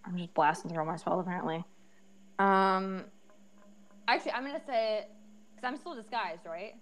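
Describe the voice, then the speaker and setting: A woman's voice: medium pitch, moderate pace. A woman playing a tabletop game, talking expressively with laughing asides. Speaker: player. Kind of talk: tabletop role-play.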